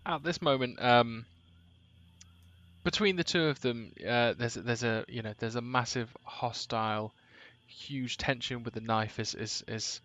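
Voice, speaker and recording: A man narrating as game master, hesitant and full of pauses and restarts. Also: medium pitch, fairly bright tone. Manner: hesitant, many ums and restarts.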